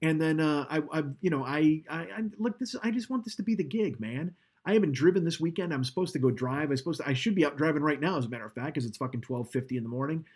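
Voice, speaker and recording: A man's voice: on the high side, fast talker, a little mellow. A man hosting a casual live stream, rambling and swearing with self-mocking humor while leaning back from his microphone. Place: home streaming setup, indoors. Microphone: studio microphone, leaning back from it.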